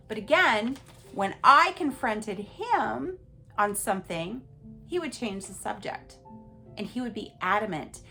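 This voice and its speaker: A woman tells a personal story as a podcast host, speaking emphatically and addressing her listeners directly. Her fairly high voice rises and falls with lots of movement. Soft music plays faintly behind her. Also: moderate pace. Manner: animated, emphatic, talks straight to listeners.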